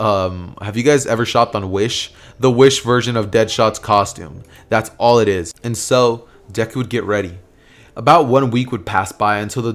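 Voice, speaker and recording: Man rambling through a fan story. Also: lowish voice. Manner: rambling, lots of fillers. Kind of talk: casual fan-fiction narration.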